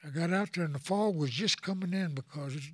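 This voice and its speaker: An older man from Oklahoma tells a personal story to an audience in a halting, plain-spoken way, often repeating words as he goes. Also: fairly high pitch, husky, no echo, studio quality. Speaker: elder speaker.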